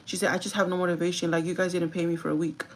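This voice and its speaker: A young woman vlogger casually telling a story from her job, animated, acting out the quotes and swearing freely. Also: lowish voice, very fast.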